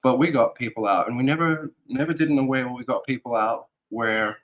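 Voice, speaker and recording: Male guest, mid-pitched, earnest, halting, thinks out loud. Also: muffled recording. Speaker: guest, security advisor. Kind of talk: casual interview talk.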